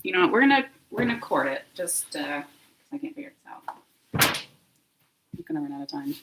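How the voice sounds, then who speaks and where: A woman's voice: low voice, sing-song, a little fast, very noisy. A woman hosting a casual livestream at home, talking to herself while she troubleshoots her equipment. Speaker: host of a comedy web series.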